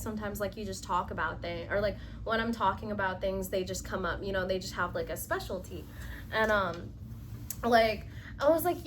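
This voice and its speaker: In a room at home, a young woman with a mid-range, slightly bright voice vlogs casually while building furniture. Her storytime chat is rambling and giddy, full of fillers and squeals, with a little hiss or hum on the recording.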